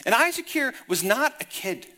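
A man's voice: very high-pitched, sing-song, moderate pace, bright, forceful tone. A man preaching a sermon, reading scripture and retelling it in casual, conversational paraphrase. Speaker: pastor.

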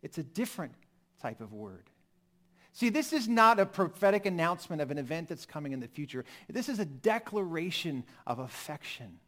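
A man with a high-pitched voice delivers a sermon as pastor. He is expressive, pressing hard on some phrases and dropping to a near-whisper on others. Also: normal speed. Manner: expressive, swings from emphatic to hushed.

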